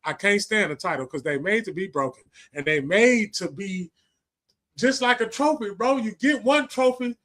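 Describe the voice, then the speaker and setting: A man's voice: high-pitched, expressive, normal speed, a bit bright. A man, hosting a livestream and giving a casual, preachy monologue full of slang, profanity and repetition. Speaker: livestream host.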